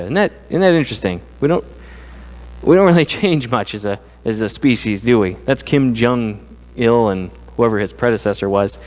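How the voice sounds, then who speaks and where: A middle-aged man giving a sermon as pastor, talking conversationally and acting out voices. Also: medium pitch. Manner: conversational, animated, acts out quoted voices. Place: church sanctuary. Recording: church sanctuary with long reverb.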